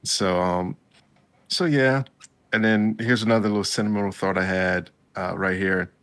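A man's voice: sits low, steady tone, moderate pace, fairly bright tone. A man in casual chat as a podcast co-host, recapping an episode in a laid-back way and acting out characters' lines.

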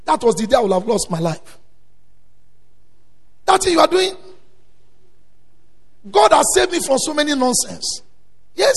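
A male preacher delivering a sermon, swinging between quiet storytelling and loud emphatic exhortation. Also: very high-pitched, gravelly. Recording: long hall reverb.

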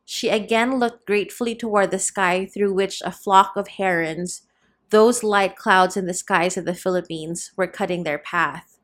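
A woman reading a novel aloud as audiobook narrator, in a steady, measured storytelling voice. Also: mid-range voice.

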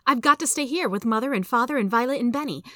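A woman reading the lines of a dutiful, sensible young girl in a storybook, lifting her voice higher for her. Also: animated, quick pace, bright, forceful tone, no room sound, clean studio sound.

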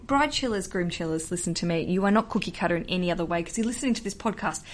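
A young Australian woman hosting a podcast, chatting in a bubbly, casual way with quick asides. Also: lowish voice, slight background noise. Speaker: podcast host.

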